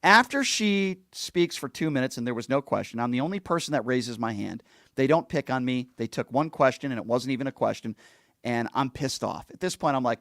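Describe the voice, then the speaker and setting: A man's voice: medium pitch, lively intonation, fairly quick, fairly bright tone, dry recording, clean studio sound. A middle-aged man hosting a show, recounting a story in a blunt, indignant, casual monologue and acting out the lines he quotes. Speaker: host.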